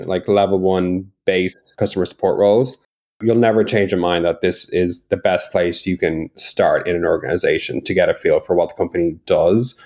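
A man, a podcast guest who talks about his work in a relaxed, conversational way. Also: low voice. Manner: relaxed, conversational, some restarts. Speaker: support team lead, guest. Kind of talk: casual interview chat.

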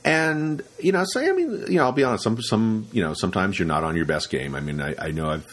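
A man's voice: lowish voice, big pitch swings, quick pace, a bit bright. A man hosting a casual podcast chat, rambling with many restarts and acting out what his students say. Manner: rambling, repeats words, acts out quoted students. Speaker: podcast host and rope teacher.

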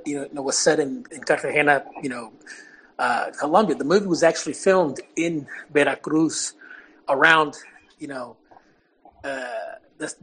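A man's voice: on the high side, fairly bright tone, slightly rough, poor audio. Chatty man on a sports podcast. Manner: rambling, laughs often, many fillers. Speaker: podcast co-host. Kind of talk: casual sports chat.

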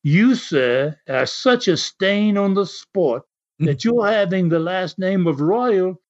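A man's voice: sits high, expressive, takes it slowly, pitched above the performer's own voice. A man voicing a haughty English wrestler with a put-on English accent, speaking in a pompous, formal way. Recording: dull lo-fi audio.

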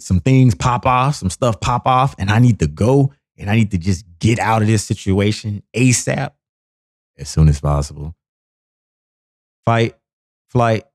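Animated man riffing in a low voice. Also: dry recording, clean studio sound. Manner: animated, repetitive riffs, acts out quotes in high voices. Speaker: podcast host. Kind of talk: casual comedic monologue.

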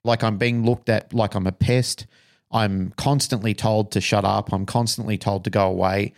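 A man's voice: on the low side, steady tone, moderate pace, creaky. A man, a dog trainer co-hosting a podcast, telling a story frankly and emotionally, with some swearing.

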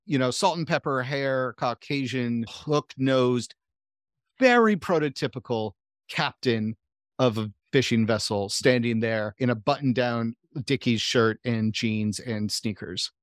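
A man's voice: medium pitch, measured pace, no room sound. Game master, man, mid voice, laid-back narration, dry close recording. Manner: casual, swears freely.

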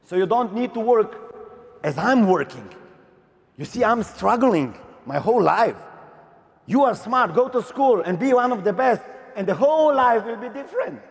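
A man's voice: sits high, expressive, moderate pace, gravelly. A man voicing his stern older father, scolding and commanding, in a reverberant hall. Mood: advising.

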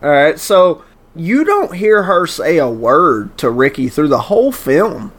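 A man's voice: fairly high pitch, sing-song, a little slow. A man in a casual movie commentary chat, easygoing and telling scenes like stories with chuckles.

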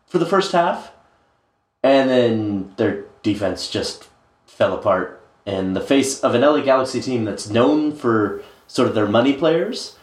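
Chatty man with filler-heavy talk, roomy sound. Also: mid-range voice. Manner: rambling, many filler "uh"s. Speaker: podcast co-host. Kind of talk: casual sports chat. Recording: roomy echo.

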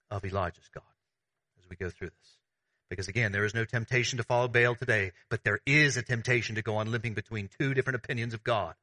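A man preaching a sermon as pastor, conversational and animated, with everyday analogies. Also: lowish voice.

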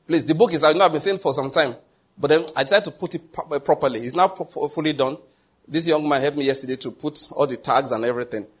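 Pastor, male, slightly high voice with a husky edge; preaches with emphatic rhetorical questions. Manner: emphatic, rhetorical questions, frequent pidgin asides. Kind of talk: sermon.

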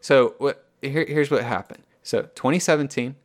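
A man's voice: medium pitch, normal speed, no room sound, clean studio sound. A man hosting a podcast in casual chat, easygoing and steering the talk along. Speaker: podcast host.

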